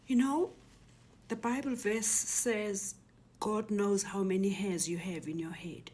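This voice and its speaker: A middle-aged South African woman recounting a personal ordeal as an interview guest, speaking softly and often near a whisper. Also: mid-range voice, slow pace, husky. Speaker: guest telling her story. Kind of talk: emotional personal testimony.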